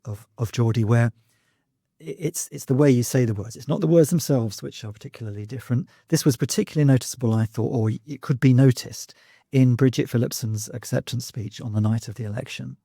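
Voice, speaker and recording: A man's voice: medium pitch, fairly quick, warm tone, husky, no echo, clean studio sound. A man co-hosting a university podcast, thinking aloud in casual academic chat with many restarts. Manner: thoughtful, hesitant, many restarts. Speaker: podcast co-host.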